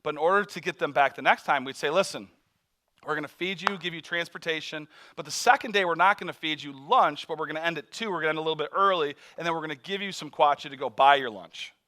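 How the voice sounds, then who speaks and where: A man telling a mission story in a sermon, animated, acting out voices and laughing often. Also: fairly high pitch, quick pace.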